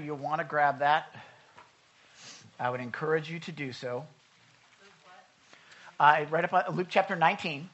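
A male pastor preaching a sermon with a bright, forward tone. He talks to the room conversationally, pushing his listeners loudly and then dropping to a hushed voice for scripture. His voice sits a little high for a man. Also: normal speed, pauses often, highs cut off. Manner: conversational, swings from loud urging to hushed reading.

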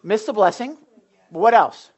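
A man's voice: sits high, expressive, unhurried, breathy edge. Joking, conversational man preaching. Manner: jokey, conversational preaching with asides. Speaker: pastor. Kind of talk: sermon.

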